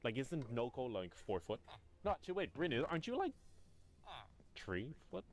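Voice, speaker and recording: A young man streaming a game as a VTuber, chatting casually, teasing his guest and shouting at the game. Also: medium pitch, big pitch swings, normal speed, faint music behind. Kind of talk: casual gaming livestream chat.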